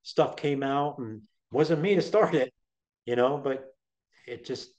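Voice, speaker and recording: A man's voice: mid-range voice, measured pace, darkish tone. A middle-aged man guesting on an interview, telling his story in a chatty, rambling way with lots of restarts. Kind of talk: casual storytelling. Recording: dull lo-fi sound.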